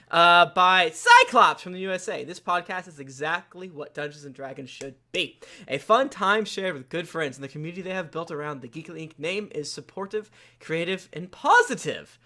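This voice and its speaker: Male podcast host, high and bright, playful jokey reader. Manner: playful, jokey reading with bursts of loud emphasis. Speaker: podcast host reading listener reviews. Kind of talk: casual comedic podcast banter.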